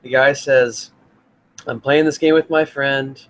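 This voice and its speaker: A man's voice: mid-range voice, fairly even intonation, measured pace, fairly bright tone, rough recording. A man co-hosting a podcast, chatting casually and questioning his friend's story. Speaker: podcast co-host. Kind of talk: casual chat.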